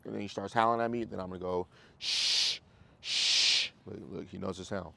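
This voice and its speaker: Gravelly-voiced male dog trainer. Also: low-pitched, racing. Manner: animated, acts out dogs and owners, swears casually. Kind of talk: casual coaching in a group class.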